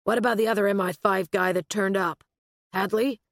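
A woman's voice: mid-range voice, fairly even intonation, a little fast, creaky, dry recording, studio quality, pitched above the performer's own voice. A woman voicing a cold, hard male American agent who talks in a curt growl.

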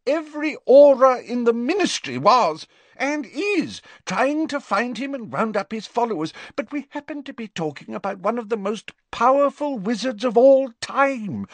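Flustered, defensive wizard minister, high and agitated, read by a male narrator. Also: very animated, unhurried, dry recording, exaggerated voice. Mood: heated. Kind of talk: audiobook character voice.

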